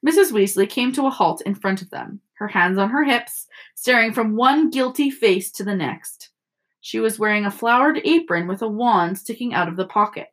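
A woman teacher reading a novel aloud to children, expressive and storytelling. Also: medium pitch, moderate pace. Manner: expressive storytelling with character voices.

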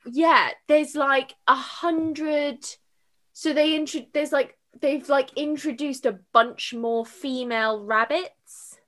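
A woman's voice: sits high, steady tone, slow, a bit bright. A woman chatting about a film, emotional and tearful, laughing through her words. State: crying. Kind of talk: casual film discussion.

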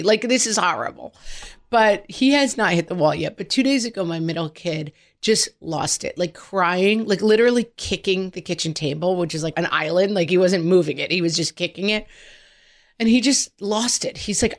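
A middle-aged woman co-hosting a podcast, telling family stories in an animated, chatty way. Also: fairly low pitch, a little fast. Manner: animated storytelling, quoting family members in voices. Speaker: podcast co-host. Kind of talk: casual podcast chat.

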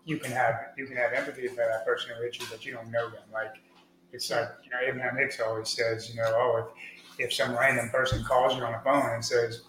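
A man talking as a podcast guest, earnest and rambling, with many fillers, getting lively when he tells stories. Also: mid-range voice, fairly quick. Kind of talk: conversational interview. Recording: echoey room with faint noise.

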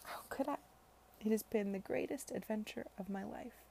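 A woman voicing a gentle, earnest young heroine in a soft, heartfelt manner while reading a novel aloud. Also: medium pitch, normal speed, vocal fry, a little hiss or hum, natural voice. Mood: tender.

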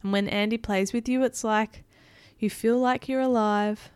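A woman voicing an excitable young cowgirl toy in a storybook read-aloud, high and loud. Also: normal speed, clear, resonant tone, dry recording, natural voice. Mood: upset.

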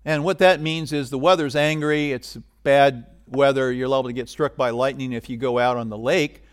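A middle-aged man preaching a sermon as pastor, animated and getting loud for emphasis. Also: medium pitch, normal speed, hardly any pauses, clear, resonant tone.

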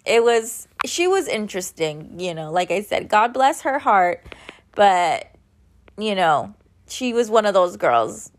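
A woman's voice: mid-range voice, big pitch swings, takes it slowly. A woman in her thirties telling a story in a casual, rambling way, with lots of filler words and blunt swearing, sounding tired. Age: 30s. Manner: chatty, rambling, many "like" fillers.

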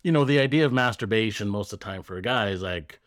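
A man's voice: lowish voice, fast, dry recording. Joking male podcast co-host, dry mic. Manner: joking, loose, swears freely. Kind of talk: casual chat.

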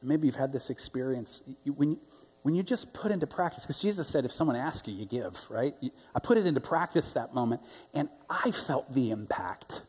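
A man's voice: mid-range voice, expressive, normal speed, darkish tone, slightly rough. A man preaching a sermon as pastor, telling stories conversationally and then building to emphatic points. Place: church sanctuary. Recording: long church-hall reverb.

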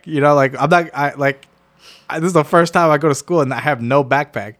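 A young man co-hosting a podcast tells a childhood story, swearing and laughing as he goes. His voice is a little high and a little fast, and the talk is casual.

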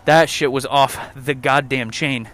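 A man's voice: medium pitch, steady tone, measured pace, fairly bright tone. A young man rambling and joking with lots of swearing while walking a trail outdoors. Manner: profane, rambling, jokey. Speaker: vlogger. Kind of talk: casual rant while walking.

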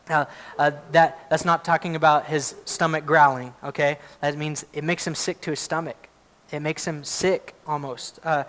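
Man, pastor, high-pitched voice, sermon, scripture reading, casual asides. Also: fairly even intonation, normal speed. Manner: reads scripture aloud, then explains in casual asides; prays in a hushed, lowered voice.

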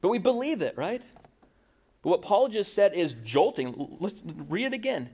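A man's voice: sits high, very animated, moderate pace, darkish tone, slightly rough. Man preaching, asking rhetorical questions. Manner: conversational preaching with frequent rhetorical tag questions. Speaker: pastor. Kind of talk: sermon.

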